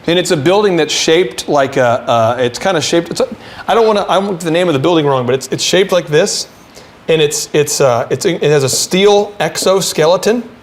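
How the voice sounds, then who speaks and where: A man's voice: a little high, a little fast. A man hosting a business podcast, talking animatedly with playful wordplay and repetition. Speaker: podcast host, business coach. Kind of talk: comedic podcast banter.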